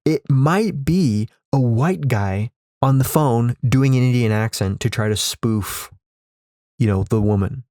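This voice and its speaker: Speaking a little slowly, a man with a warm, medium-pitched voice hosts a podcast and delivers a comedic, sarcastic tirade. The studio-mic recording is dry and clean, and he swears and repeats himself throughout.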